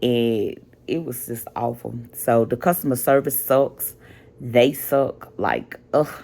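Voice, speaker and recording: A sleepless, tired woman vlogging casually late at night, venting frankly with drawn-out, trailing phrases. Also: very deep voice, creaky, dark tone.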